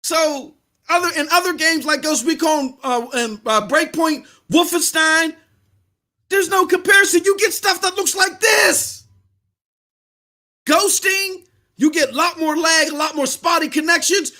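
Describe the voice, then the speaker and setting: A man hosting a live-streamed podcast, talking straight to his viewers in an animated rant that often rises to yelling. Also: extremely high pitch, unhurried. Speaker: podcast host.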